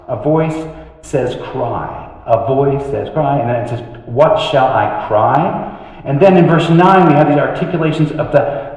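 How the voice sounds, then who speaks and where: A male pastor preaching a sermon in a conversational way, with many fillers and restarts, dropping to a hush when he reads scripture. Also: medium pitch. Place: large church sanctuary. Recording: echoey church hall.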